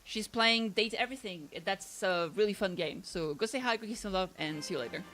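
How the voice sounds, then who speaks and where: A woman's voice: mid-range voice, brisk, fairly bright tone, faint music behind. A woman from France with a slight French accent, chatting casually with her stream viewers in a rambling way, full of fillers and restarts.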